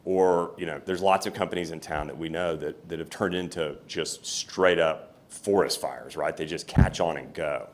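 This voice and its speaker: A man's voice: a bass voice, steady tone, moderate pace, few pauses. A man telling candid, reflective stories as a guest at a fireside chat before an audience. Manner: candid, reflective storytelling with restarts. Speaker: company CEO, guest speaker. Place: room with an audience.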